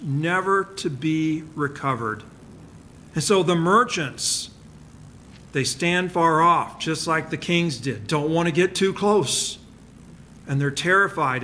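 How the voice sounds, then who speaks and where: A man preaching a sermon, reading scripture dramatically and letting his voice fall to a hush on key words. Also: a little high, slight background noise. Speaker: pastor.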